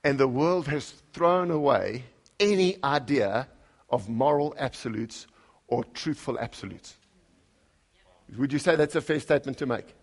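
A pastor preaching a conversational sermon. He reads scripture aloud with lively emphasis and puts questions to the congregation. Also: mid-range voice, unhurried.

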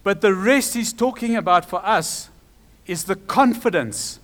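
A high-voiced man preaching a sermon. He rises loud and slows down on scripture, then drops soft when he explains.

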